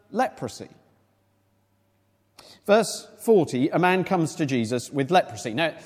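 In a sermon that rings through what sounds like a big church hall with long reverb, a male preacher works through scripture in a chatty way. His high, animated voice rises and falls freely as he poses rhetorical questions.

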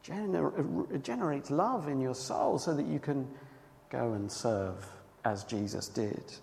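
A man preaching a sermon, emphatic and earnest, moving between loud cries and hushed tones. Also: mid-range voice, expressive, measured pace, creaky, long reverb tail, a little hiss or hum.

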